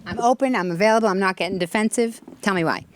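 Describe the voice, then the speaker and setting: A woman hosting a talk show with an animated, chatty stand-up delivery, laughing often. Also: mid-range voice, fast, slight background noise.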